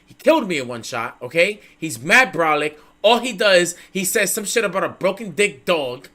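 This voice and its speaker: Animated, bright-voiced male streamer. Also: high voice, moderate pace. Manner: animated, profane, laughing storyteller. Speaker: streamer host. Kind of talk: casual storytelling chat.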